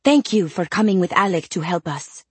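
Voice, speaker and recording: A woman's voice: lowish voice, lively intonation, moderate pace, slightly rough, no room sound. Woman doing a French-accented young werewolf queen. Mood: friendly.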